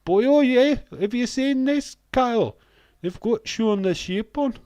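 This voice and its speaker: A man putting on an exaggerated mock regional voice for an excitable fellow gushing about a TV show. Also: extremely high pitch, measured pace, no echo, pitched above the performer's own voice. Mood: excited.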